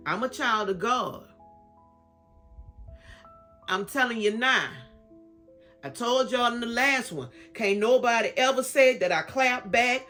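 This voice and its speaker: A woman's voice: a little high, fairly bright tone. A woman in her fifties with a Southern US accent, talking straight to camera about faith and repeating her phrases for emphasis. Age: 50s. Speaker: vlogger. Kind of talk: casual faith talk to camera.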